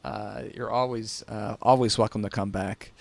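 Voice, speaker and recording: A man's voice: fairly low pitch, steady tone, moderate pace, gravelly, a little hiss or hum. A man hosting a tech podcast in casual chat, rambling and repeating words, often laughing. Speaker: podcast host.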